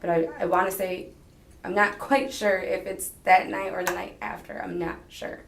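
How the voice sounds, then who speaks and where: A woman's voice: on the low side, little pitch movement, moderate pace, slight background noise. A woman giving a rambling, hedging statement in a police interrogation, retelling conversations as she talks. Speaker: interrogation subject. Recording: echoey interrogation room.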